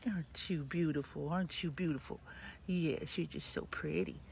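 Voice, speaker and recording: A woman's voice: low voice, moderate pace, vocal fry, darkish tone, a little hiss or hum. A woman vlogging her farm chores outdoors, chatting casually and cooing to the animals as she goes. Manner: chatty, coos and talks to the animals. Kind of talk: casual vlog chat while doing farm chores. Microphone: camera set down nearby.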